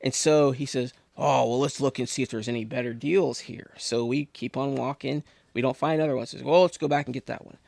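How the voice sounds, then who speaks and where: Gravelly-voiced man telling a long story. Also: mid-range voice, fairly quick, hardly any pauses, dry recording, clean studio sound. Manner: rambling, animated storyteller with many restarts. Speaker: podcast guest. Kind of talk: casual storytelling.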